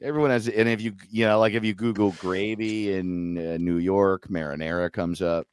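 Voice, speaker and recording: A man's voice: sits low, fairly even intonation, normal speed, clean tone, dry recording, studio quality. A man in casual comedic podcast chat, joking and slipping into silly voices. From Chicago area. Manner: joking, does silly put-on voices, laughs often.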